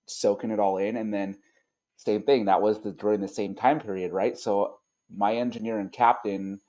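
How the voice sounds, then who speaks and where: Low-voiced relaxed firefighter co-host. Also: male voice, moderate pace. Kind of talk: casual podcast conversation.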